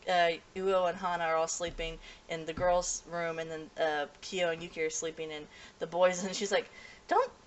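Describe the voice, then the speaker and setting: A woman with a slightly low voice talks through an anime episode off the cuff. She rambles, corrects herself mid-sentence, leans on fillers and keeps breaking into small chuckles. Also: flat delivery, normal speed. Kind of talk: casual unscripted review.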